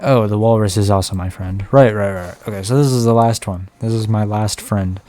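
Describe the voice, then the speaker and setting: A man's voice: lowish voice, fairly even intonation, fairly quick, mellow. A young man streaming a game, chatting and joking to himself as he plays. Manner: chatty, jokey, talks to himself while playing. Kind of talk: live gameplay commentary. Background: game music.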